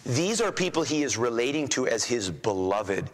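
A man preaching a sermon as a pastor, emphatic, rising in pitch and volume when he reads scripture aloud. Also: very animated, normal speed, in a large hall, rough recording.

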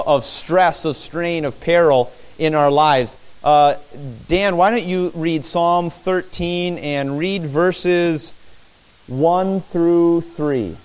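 A man preaching a sermon in church, animated, acting out the disciples' cries as he teaches. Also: on the high side, smooth.

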